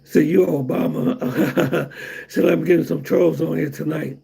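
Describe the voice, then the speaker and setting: A man's voice: fairly high pitch, fairly even intonation, unhurried, gravelly, warm tone, breathy edge. A middle-aged man hosting a casual livestream, rambling and repeating himself while answering chat comments. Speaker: livestream host.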